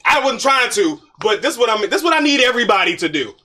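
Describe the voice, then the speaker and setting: A man on a podcast rants with big swings in pitch, his voice high and bright as he swears freely. He sits a little back from the microphone, so the sound is slightly distant. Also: quick pace, a loud crowd. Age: adult. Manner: animated, ranting, swears freely. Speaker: podcast co-host. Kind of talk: casual chat.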